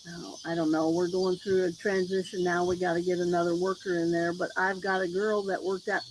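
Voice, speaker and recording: A woman's voice: on the low side, level tone, brisk, noisy background. A woman chatting casually on a livestream from outdoors, telling rambling stories and acting out what other people said, recorded on a phone. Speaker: livestream host. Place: outdoors near a road at night with insects. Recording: crickets and insects loud behind.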